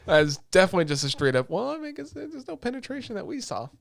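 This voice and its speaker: Brief: male podcast co-host, slightly high voice, rapid animated retelling, dry close mic. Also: gravelly, dry recording. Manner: excited retelling of scenes, lots of swearing. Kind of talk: casual chat.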